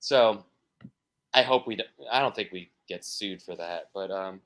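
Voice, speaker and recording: Slow, rambling male musician guest. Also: low-pitched, fairly bright tone. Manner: rambling, many restarts and fillers. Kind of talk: casual podcast interview.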